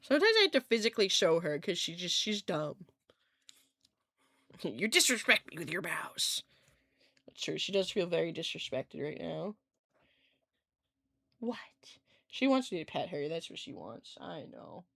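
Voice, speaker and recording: A woman streams from home and chats casually with her viewers. She rambles and fills her talk with "like", and she laughs often. Her pitch jumps around a lot, and the sound is dry and close. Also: big pitch swings, moderate pace, gravelly, long pauses, fairly bright tone, no echo. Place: home room with her cat.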